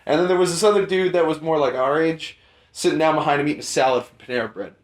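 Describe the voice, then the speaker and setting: A young man hosting a podcast, telling a rambling, profane story in casual chat and jumping into animated quoted voices. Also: on the high side, quick pace. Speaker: podcast host. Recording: roomy echo.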